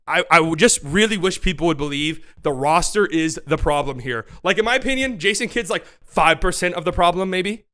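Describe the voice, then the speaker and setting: Male host, casual sports rant, fairly high and bright, emphatic and profane. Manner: emphatic, exasperated and profane, rambling with restarts.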